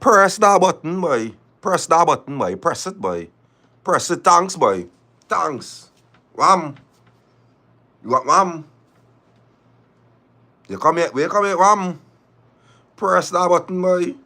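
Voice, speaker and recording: Man, Trinidadian accent, live stream host, casual and lively, keeps repeating himself. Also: a little high, takes it slowly, long pauses. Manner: lively, repeats phrases, urges viewers to press like.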